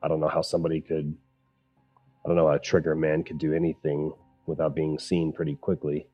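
A man's voice: rumbling low, completely flat delivery, brisk, husky. A man playing a tabletop game, thinking through questions. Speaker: player. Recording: dull, muffled sound with faint music.

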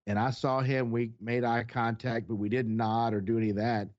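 A man at ordinary pitch tells a story in a blunt, salty, heated way. The recording is a bit muffled and lo-fi, and the mood stays conversational. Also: flat delivery, moderate pace, a little mellow. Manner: blunt, profane, heated retelling. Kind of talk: casual storytelling chat. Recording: dull lo-fi sound.

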